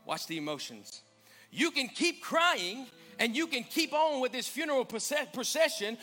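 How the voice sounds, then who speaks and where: A man's voice: very high-pitched, pushed and bright. A male pastor preaching a sermon in a church, driving points home with rhetorical questions and emphatic repetition.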